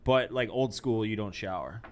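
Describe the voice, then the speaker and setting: A man's voice: lowish voice, normal speed. A young man hosting a casual podcast chat, rambling and self-deprecating. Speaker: podcast host.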